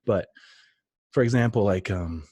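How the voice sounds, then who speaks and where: Husky low-voiced man, eager podcast host. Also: measured pace, a little mellow, no room sound. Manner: enthusiastic, rambling. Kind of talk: casual podcast chat.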